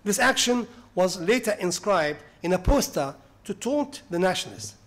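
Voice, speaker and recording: Male lecturer, high-pitched voice, academic talk, explains step by step. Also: expressive, moderate pace, fairly bright tone. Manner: explanatory, asks the slide operator for slides.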